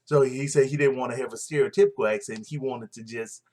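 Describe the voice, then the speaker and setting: A man's voice: mid-range voice, fairly even intonation, fast, a little mellow. A man casually recapping a wrestling show, blunt and opinionated, rambling with fillers and restarts.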